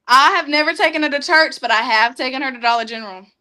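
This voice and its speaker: A young woman sits in a studio and tells everyday stories with lots of laughter. Her voice is high and bright. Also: fast, a little hiss or hum. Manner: laughing, animated storyteller. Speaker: studio guest. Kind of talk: casual storytelling.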